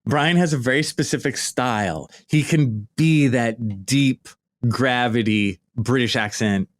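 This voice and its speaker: A man's voice: mid-range voice, unhurried. A middle-aged American man hosting a podcast, reminiscing in a casual, lighthearted monologue full of "right?" and "you know". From United States. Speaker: podcast host. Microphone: podcast microphone.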